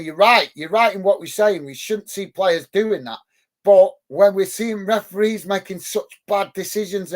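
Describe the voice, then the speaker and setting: Guy, pretty high voice, running a footy watch-along, calls the match and chats to viewers, upbeat. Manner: upbeat, thanks chat viewers warmly by name. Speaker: host of a football watch-along. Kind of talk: live match commentary and chat reading. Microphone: close mic on a headset.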